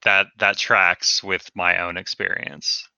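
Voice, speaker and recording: A man's voice: low voice, little pitch movement, slow, gravelly, bright, forceful tone, no room sound. A man in a casual podcast chat, hesitant and self-deprecating with many fillers. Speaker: podcast co-host. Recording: dull, slightly lo-fi dry sound.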